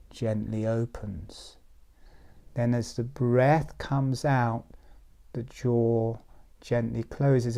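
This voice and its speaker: A man guiding a group through a relaxing breathing exercise, in a slow, soothing, hypnotic way. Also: medium pitch, warm tone. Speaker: breathing teacher. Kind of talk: guided breathing instruction. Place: outdoor sacred site with a group.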